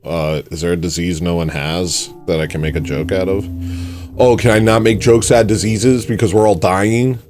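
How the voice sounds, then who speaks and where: A man hosting a comedy livestream, rambling and self-mocking as he swings between mock panic and low mumbles. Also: steady tone, normal speed, over music. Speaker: livestream host. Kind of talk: casual comedic livestream chat.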